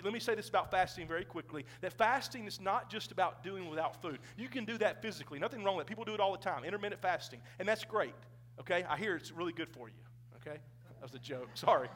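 A man preaches in a church with a bright, forceful voice. He talks in a conversational way and throws jokes to the congregation, as a pastor giving a sermon. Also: high voice, a little hiss or hum. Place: church sanctuary.

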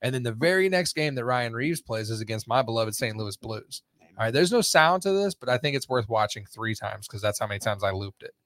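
Man, podcast host, mid pitch, loose rambling chat full of "like", dry close sound. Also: animated, brisk, fairly bright tone, no room sound. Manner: rambling, laughs often, heavy filler words. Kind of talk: casual chat.

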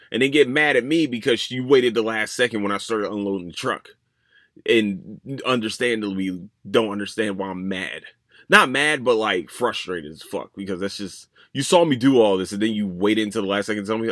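A man hosting a solo podcast in casual chat, rambling and profane, telling stories with animated swings. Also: deep voice, dry recording, studio quality. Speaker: podcast host.

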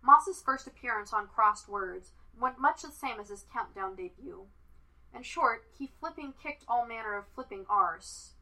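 Woman quietly reading fan fiction aloud. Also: fairly high pitch, lively intonation, unhurried, poor audio. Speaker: podfic reader.

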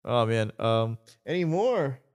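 A man's voice: medium pitch, sing-song, slow pace. A man co-hosting a podcast in casual, loose chat, swearing freely and laughing often. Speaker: podcast co-host.

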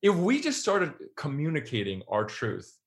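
A man in a casual podcast conversation, telling stories and acting out imagined dialogue, often sinking into a soft, low voice. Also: wildly swooping pitch, normal speed. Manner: storytelling, acts out imagined dialogue, drops to soft low tones.

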